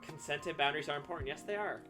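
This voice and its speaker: Bright-voiced man chatting on stream. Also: a little high, very fast, soft background music. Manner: chatty, reads and answers chat, frequent laughs and asides. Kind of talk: casual live-stream chat while drawing.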